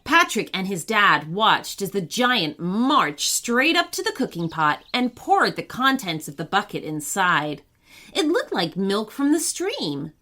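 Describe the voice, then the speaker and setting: Expressieve vertelster van een slaapverhaal. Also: female voice, mid-range voice, a little slow. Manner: expressive, storybook reading. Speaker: storyteller. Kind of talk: scripted bedtime story narration.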